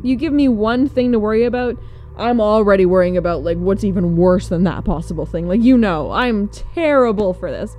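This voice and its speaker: A woman's voice: mid-range voice, brisk, darkish tone. A young woman casually telling a personal story, rambling with lots of fillers and frequent laughter. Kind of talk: casual chat.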